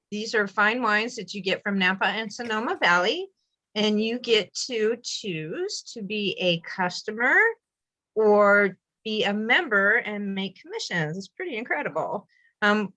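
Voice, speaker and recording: A woman's voice: medium pitch, bright, forceful tone. A woman describing a wine club in a casual, upbeat way with filler ums on a video call.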